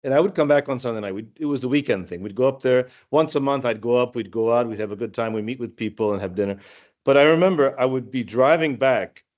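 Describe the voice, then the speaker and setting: A man's voice: mid-range voice, fast talker. Man telling stories on a muffled call. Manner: rambling, warm anecdotes with many restarts. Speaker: former student sharing memories. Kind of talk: casual storytelling.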